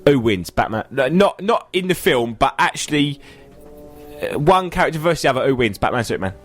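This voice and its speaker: A man's voice: medium pitch, sing-song, brisk, fairly bright tone, soft background music. A man co-hosting a live comedy radio show, bantering and teasing, often calling his co-host mate. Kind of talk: casual comedy chat.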